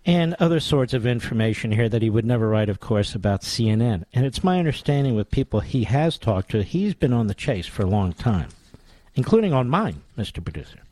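A man's voice: mid-range voice, very animated, brisk, mellow, no room sound. A man hosting a political talk radio show, delivering a combative, sarcastic monologue.

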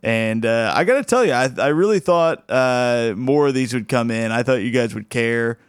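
A man's voice: medium pitch, a little slow, clear, resonant tone, no room sound, clean studio sound. A man hosting a comedy podcast in casual, rambling chat, laughing often. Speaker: podcast host.

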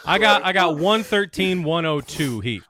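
A man's voice: sits high, animated, moderate pace, pushed and bright. A man co-hosting a casual sports podcast, teasing and laughing. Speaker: co-host.

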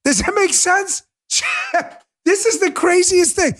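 A man's voice: extremely high pitch, takes it slowly, a bit bright. A man hosting a political talk show, giving sarcastic, mocking commentary and talking to his live chat.

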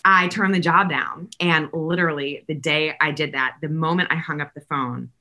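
A woman in her forties telling lively stories in casual conversation, laughing often and acting out the people she quotes. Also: sits low, moderate pace. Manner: animated, laughing, acts out quoted voices. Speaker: podcast guest.

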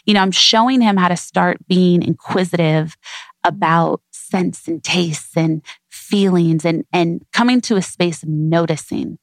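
A woman's voice: on the low side, unhurried, no echo. A woman guest on an interview show, speaking earnestly and reflectively in repeated emphatic phrases.

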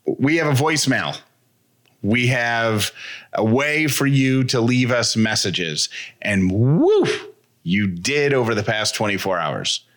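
A man's voice: mid-range voice, sing-song, slow, a bit bright. A man co-hosting a podcast in casual, rambling, playful chat. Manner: rambling, playful, self-deprecating. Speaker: podcast co-host.

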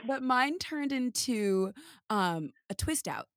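A woman chatting casually, animated and laughing often, acting out quotes as she talks. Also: on the high side, slow pace, no room sound, studio quality. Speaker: Broadway performer. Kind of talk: casual chat.

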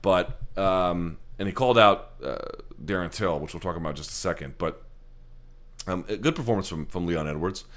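A low-pitched man talks through fight results off the cuff, rambling and emphatic. He swears freely and leans on fillers as he makes his points, recorded on a handheld camera. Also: normal speed. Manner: loose, profane, rambling and emphatic, many fillers. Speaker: MMA show host. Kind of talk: casual post-fight commentary.

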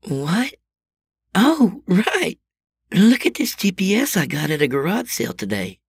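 An excitable, chatty middle-aged wife, voiced by a man in a storybook audio drama. Her voice is raised well above his own, swinging up and down with a husky, gravelly texture. It is recorded close and dry, with no room sound. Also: high voice, a little slow, no echo, pitched above the performer's own voice, exaggerated voice. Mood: excited. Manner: bright, lively, sing-song.

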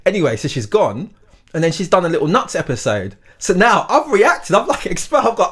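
A podcast host, talking casually about dating. His voice sits a little high, and he breaks into laughs and quick asides. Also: big pitch swings, breathy edge.

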